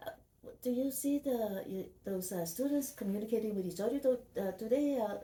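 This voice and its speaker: A woman hosts a live college radio interview, stumbling through her questions with many pauses and fillers. Her voice is very dark and mellow, and it sounds roomy, as if she sits well back from the mic. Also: a little high, recorded from a distance. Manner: hesitant, halting with many fillers. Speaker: radio host.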